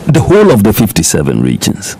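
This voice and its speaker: A man's voice: on the low side, wildly swooping pitch, fast talker, vocal fry, a little mellow. A middle-aged man with a Ghanaian accent, speaking as a politician guest in a radio interview, emphatic and repeating his points while mixing in Twi.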